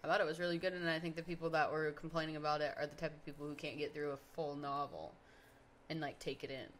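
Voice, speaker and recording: A woman's voice: low voice, level tone, fast, a little hiss or hum. A young woman co-hosting a podcast in casual chat, rambling with lots of "like" fillers. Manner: rambling, filler-heavy, says "like" a lot. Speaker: podcast co-host.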